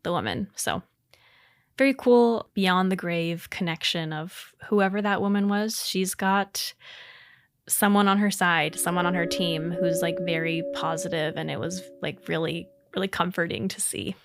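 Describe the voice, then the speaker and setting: A woman's voice: lowish voice, fairly even intonation, measured pace. A young woman hosting a podcast, telling personal ghost stories casually with many fillers and asides. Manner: rambling, lots of fillers, emotional at times. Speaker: podcast host.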